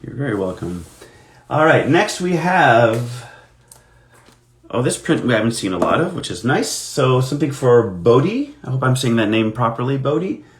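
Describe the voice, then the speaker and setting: A man's voice: medium pitch, big pitch swings, normal speed. A man, an actor, chatting casually on a live stream while signing autographs, telling anecdotes in a self-deprecating way.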